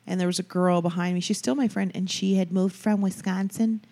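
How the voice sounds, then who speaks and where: A young woman talking in a casual chat, chatty and quick to tease. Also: fairly low pitch, fairly even intonation, warm tone.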